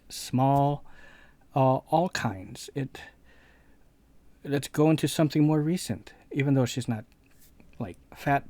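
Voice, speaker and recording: A man's voice: medium pitch, dark tone, no room sound. A man hosting a gaming video channel, telling a rambling personal anecdote in casual commentary. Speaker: let's play channel host.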